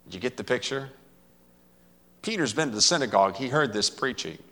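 A man's voice: mid-range voice, animated, a little fast, pushed and bright. A man preaching a sermon, retelling a story in a dramatic, emphatic way. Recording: long hall reverb.

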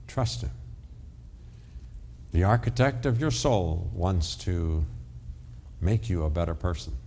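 Older man, pastor, sermon, low voice, slow deliberate pacing, earnest, dramatic pauses. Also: expressive, mellow.

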